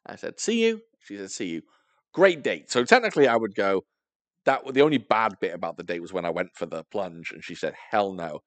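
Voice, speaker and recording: Animated man telling a funny story. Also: sits low, fast talker, dry recording. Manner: animated, self-mocking, laughs often, swears. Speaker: podcast co-host. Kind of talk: casual storytelling chat.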